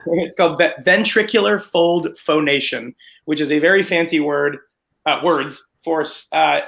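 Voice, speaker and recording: A man, a stage actor, chatting in an interview in an animated, self-deprecating, rambling way. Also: on the high side, poor audio. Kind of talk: casual interview chat.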